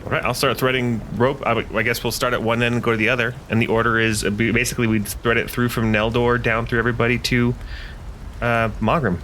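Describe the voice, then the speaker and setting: A man's voice: medium pitch, little pitch movement, quick pace, fairly bright tone, slight background noise. A man playing a tabletop role-playing game, thinking aloud as he plans his character's moves. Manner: thoughtful, planning aloud. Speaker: player. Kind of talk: casual tabletop play.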